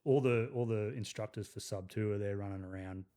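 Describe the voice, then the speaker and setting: An Australian man in his thirties, a podcast guest and army veteran, telling crude, lively stories in a casual way. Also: on the low side, fairly quick. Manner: crude, swearing, lively anecdotes with frequent "like". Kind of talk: casual storytelling.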